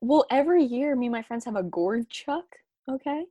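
A woman's voice: a little high, lively intonation, normal speed, warm tone, dry recording. A young woman from Long Island, chatting casually and playfully, laughing often and full of slang. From Long Island, New York. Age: young adult. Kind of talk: casual chat.

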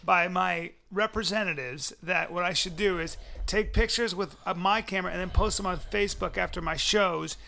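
A man's voice: high-pitched, moderate pace, vocal fry, few pauses, pushed and bright. A man co-hosting a podcast, defending himself against his friends' teasing. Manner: defensive, protesting. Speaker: podcast co-host. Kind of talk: casual comedic banter.

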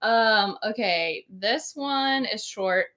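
A young woman co-hosting a casual chat, telling a story in an animated way and laughing as she goes. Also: medium pitch, drawn-out words. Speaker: podcast co-host.

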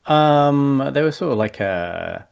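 A man's voice: mid-range voice, lively intonation, slow, creaky, clear, resonant tone. A man chatting casually about tabletop games, hesitant and full of fillers and restarts. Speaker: podcast guest.

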